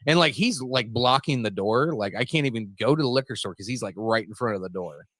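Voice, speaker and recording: A man's voice: medium pitch, fairly quick, fairly bright tone, no echo. A man hosting a podcast, telling a long story in a casual, rambling, profane way and laughing at his own jokes. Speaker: podcast host.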